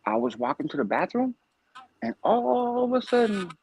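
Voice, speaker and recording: A man telling a story casually, animated and profane with streetwise slang. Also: very high voice, moderate pace, gravelly, a little hiss or hum, rough recording.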